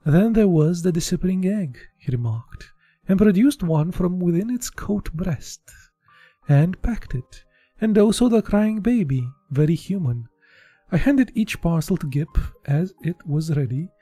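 Dark husky man reading a story aloud. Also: high voice, sing-song, measured pace, dry recording, soft background music. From Eastern Europe. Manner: unpolished, casual reading with slips and restarts. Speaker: audiobook reader. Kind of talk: live book reading.

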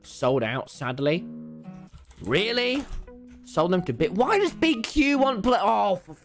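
Young man, live gaming commentary, very lively pitch, shouty, swears a lot, faint music behind. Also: takes it slowly. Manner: loud, excitable, swears and shouts often. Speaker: gaming streamer.

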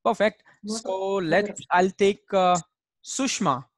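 A language teacher leads an online class over a video call. The teacher speaks at a slow, unhurried pace and patiently repeats each word aloud. The sound is dry and close, with almost no room echo. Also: mid-range voice. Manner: patient, repetitive pronunciation drilling.

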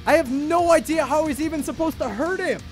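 A young man streaming a game live, chatting with viewers in an excitable, jokey way and repeating himself when he panics. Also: very high-pitched, a little fast, faint music behind. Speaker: gaming livestreamer. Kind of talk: excitable live gameplay commentary.

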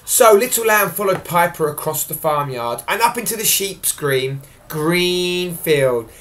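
A woman reading a picture book aloud to a child at home, animated and asking questions along the way. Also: lowish voice, measured pace, slight background noise.

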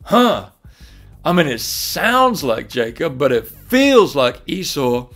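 Brief: frail half-blind old patriarch, loud Southern American drawl, pitched high and doubtful, put on by a man. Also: sing-song, slow, soft background music, exaggerated voice. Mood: puzzled. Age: older.

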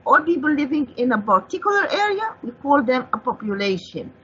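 A woman's voice: high-pitched, big pitch swings, brisk, bright, forceful tone, slightly rough. A woman with an Egyptian accent, an Arabic speaker teaching an English vocabulary lesson, who asks and answers her own questions as she explains each word. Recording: dull lo-fi broadcast audio.

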